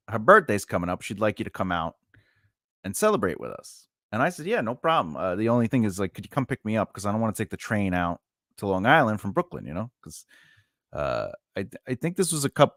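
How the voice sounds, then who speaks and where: A regular co-host on a live stream tells a self-mocking story in a casual chat, animatedly acting out the people involved. His mid-range male voice is recorded with studio quality and no echo.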